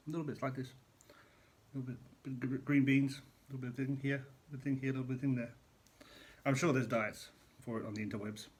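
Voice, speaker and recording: A man's voice: mid-range voice, husky. A middle-aged man, a chef, chatting casually in a vlog from a hotel room, rambling and eating as he talks. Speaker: chef vlogger.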